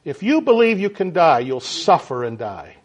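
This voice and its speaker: A man preaching a sermon in a folksy, animated way, often checking in with his listeners. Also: fairly high pitch, normal speed. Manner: folksy, animated, frequent "right?" and "okay?" to the audience. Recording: dull lo-fi sound.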